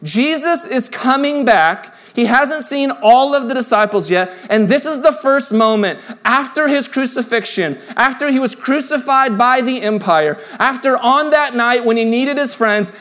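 A man preaching an Easter sermon in a church in a conversational style, dropping to soft, hushed tones for tender lines. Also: very high-pitched. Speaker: pastor.

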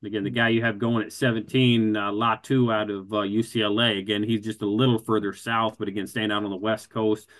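A man co-hosting a casual football draft talk, measured and methodical, leaning on a habitual filler word. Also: on the low side, level tone, a bit bright. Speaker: football draft analyst co-host.

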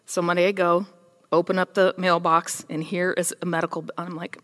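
A woman's voice: fairly low pitch, fast talker, long reverb tail. A woman preaching a casual sermon, retelling scripture as a story and voicing the figures in it. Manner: casual, storytelling, animated with voiced quotes.

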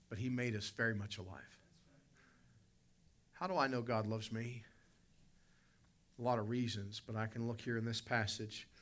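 His mid-range voice is bright and forceful. Delivering a sermon, the pastor tells a homespun story from his own life and addresses members of the congregation directly.

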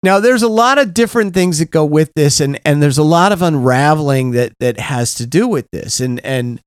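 A middle-aged man co-hosting a podcast, telling candid, profane stories in a casual, animated way. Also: fairly high pitch, normal speed, smooth, no echo, clean studio sound. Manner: blunt, profane, animated, frequent "right?". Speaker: podcast co-host.

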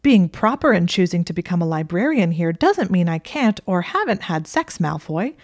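A woman reading the part of an indignant, sharp-tongued young woman librarian, emphatic and exasperated. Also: on the low side, big pitch swings, moderate pace, no echo, clean studio sound. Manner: exasperated, emphatic, rising to near shouts.

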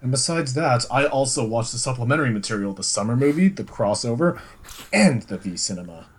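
A man's voice: medium pitch, expressive, a little fast, breathy edge. A man co-hosting a casual podcast chat, rambling and full of filler words. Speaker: podcast co-host.

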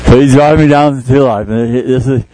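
A man's voice: medium pitch, a little hiss or hum, low-quality recording. A man preaching to a congregation, acting out a comic skit and chatting with people in the room. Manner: animated, jokey, talks to congregation. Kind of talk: sermon with acted skit.

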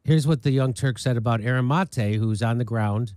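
A man's voice: mid-range voice, moderate pace, a little mellow, no room sound. A male podcast host delivering commentary in a rambling, emphatic way, often stopping mid-phrase. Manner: rambling, emphatic, self-interrupting.

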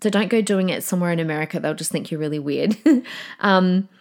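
A middle-aged Australian woman hosting a solo podcast, chatty and animated, with fillers and quick laughs. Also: on the low side. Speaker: podcast host.

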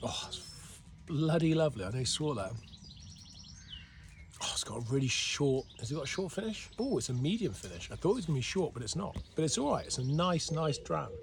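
A man's voice: a little high, sing-song, brisk, creaky. A man chatting casually in a home vlog, joking and chatty, sitting outdoors. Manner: chatty, joking, often laughing. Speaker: vlogger. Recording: noisy background.

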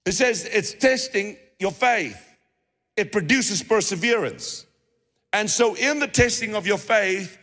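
Unhurried but animated, a South African pastor with a high, pushed and bright voice preaches in a relaxed, conversational style. He often restarts and repeats phrases, and the long reverb of a church hall surrounds him.

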